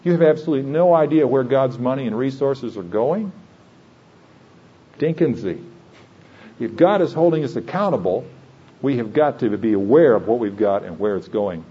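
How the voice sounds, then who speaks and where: A man's voice: mid-range voice, animated, normal speed, long pauses, warm tone, breathy edge, lo-fi sound. A man preaching a sermon in an earnest, conversational way, building to emphatic points.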